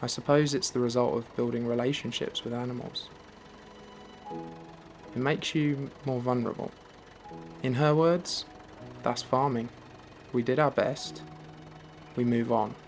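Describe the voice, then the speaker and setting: A man from England narrating a farm documentary calmly, the farmer's son. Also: mid-range voice, unhurried, gravelly, pauses often, soft background music. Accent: English. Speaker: producer and narrator. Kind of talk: documentary narration and casual chat.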